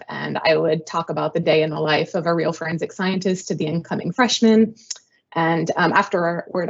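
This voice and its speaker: In slightly dull lo-fi audio, a woman in her thirties with a low, husky voice and vocal fry tells her career story as an interview show guest. She's chatty and self-deprecating, dropping lots of ums.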